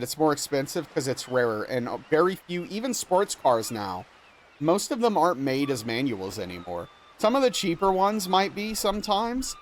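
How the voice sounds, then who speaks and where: A young man from Louisiana chatting casually with viewers on a livestream, reading chat aloud and answering playfully with bursts of mock outrage. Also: on the high side. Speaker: streamer.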